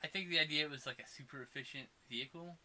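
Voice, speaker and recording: A man co-hosting a podcast, chatting casually about a movie, excitable and quick to swear and laugh. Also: on the high side. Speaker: podcast co-host. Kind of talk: casual movie review chat.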